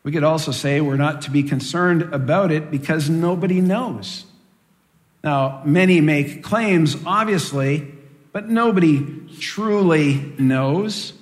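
A man preaching through a scripture passage at a steady, deliberate pace, asking questions and then answering them himself. His voice sits a little high for a man. A long reverb trails behind him, as in a large hall. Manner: measured and deliberate, with rhetorical questions. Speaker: preacher teaching from Acts. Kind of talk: expository Bible teaching.

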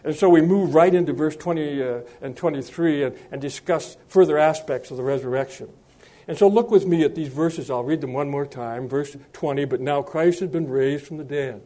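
A man delivering a sermon in a fairly high but mellow voice. He speaks with frequent pauses, fillers and restarts. When he reads scripture he slows down and raises his voice. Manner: measured, with frequent hesitations and restarts. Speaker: preacher.

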